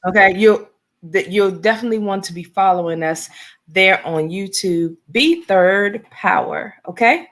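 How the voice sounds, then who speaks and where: A woman's voice: medium pitch, normal speed, a bit bright. A woman co-hosting an online show in casual chat, joking and laughing easily. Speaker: co-host.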